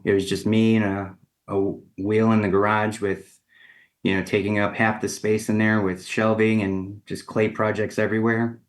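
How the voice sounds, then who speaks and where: A man, a ceramic artist and guest on a radio interview, telling a casual story, acting out the lines of the people in it, with plenty of fillers. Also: on the low side. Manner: casual and animated, acts out quoted dialogue, many fillers.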